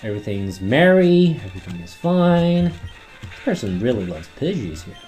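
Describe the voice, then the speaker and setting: A man commentating his gameplay run, rambling and swearing often, his throat worn from yelling at the screen. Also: medium pitch, big pitch swings, moderate pace, faint music behind. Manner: rambling, heavy swearing, talks back at the game. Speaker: let's play host.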